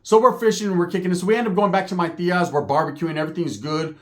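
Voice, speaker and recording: A man's voice: high-pitched, fast. A man telling a crude, comic story in a casual, profane way, tagging lines with "right?". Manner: profane, animated, rhetorical "right?". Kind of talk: comedic storytelling.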